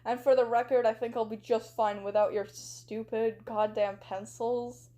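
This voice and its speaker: A woman's voice: fairly high pitch, level tone, a little slow, dark tone, close to an everyday voice. A woman reading the lines of a grumpy, sleep-deprived man who swears and snaps sarcastically on a phone call. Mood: irritated.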